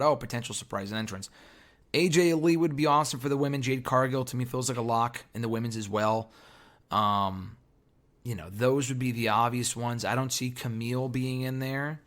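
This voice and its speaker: Hoarse guy doing a solo wrestling podcast, opinionated, lots of ums, mid-pitch voice. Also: a bit bright. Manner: opinionated, thinking aloud with fillers. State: hoarse, losing his voice. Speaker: podcast host.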